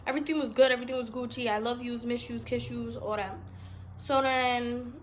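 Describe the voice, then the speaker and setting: A woman's voice: on the high side, fairly even intonation, a little fast, slight background noise. A woman, telling a long personal story in a blunt, rambling, profane storytime vlog. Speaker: vlogger.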